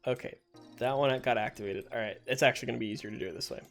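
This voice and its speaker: A man's voice: mid-range voice, rapid-fire. A man giving casual, joking commentary while playing a shooter game, laughing often at himself. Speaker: gameplay streamer. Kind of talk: casual let's-play commentary. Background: game music and gunfire.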